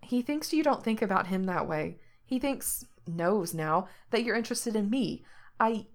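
A steady, gentle young man who chooses his words with care and keeps his tone soothing, read by a woman without changing her voice. The pitch stays in a plain middle range. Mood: tender. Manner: measured, soothing.

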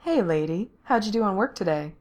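A laid-back young woman who teases softly and takes her time, never in a hurry, as a female storyteller voices her. Her tone stays easy and close to a plain speaking voice. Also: expressive, fairly quick, lightly acted. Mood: teasing. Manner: laid-back, low-key and teasing. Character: relaxed, teasing young woman performer.

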